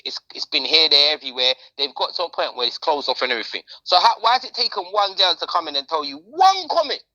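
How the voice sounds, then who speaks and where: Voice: medium pitch, big pitch swings, fast, pushed and bright, poor audio. A podcast host, chatting casually in slang and repeating phrases for emphasis. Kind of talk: casual chat.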